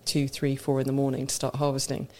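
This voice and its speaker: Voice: mid-range voice, completely flat delivery, fast. A co-host who explains wine knowledgeably in casual radio chat. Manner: knowledgeable, explanatory, warmly enthusiastic.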